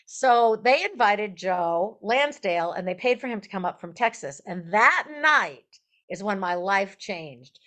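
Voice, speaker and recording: A woman songwriter and performer, a guest on an interview show, telling stories in a chatty, animated way and laughing as she goes. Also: medium pitch, unhurried. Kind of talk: casual interview storytelling.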